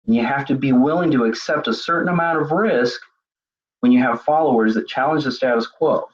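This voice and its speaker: Guy giving a web seminar, kinda husky, dull lo-fi computer mic sound. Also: medium pitch, fairly quick. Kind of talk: recorded leadership lecture.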